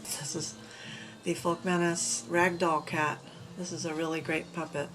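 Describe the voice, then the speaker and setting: A woman's voice: fairly low pitch, little pitch movement, unhurried, music in the background. A woman showing off her puppet collection at home in a casual, upbeat show-and-tell chat, rambling along with fillers. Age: adult parent. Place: home room full of collectibles.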